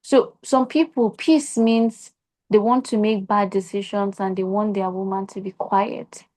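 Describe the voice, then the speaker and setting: A young Nigerian woman talks earnestly on a podcast, giving relationship advice in a casual way. She keeps asking rhetorical questions to make her point, and her voice sits at an ordinary middle pitch. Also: fairly even intonation, unhurried, darkish tone.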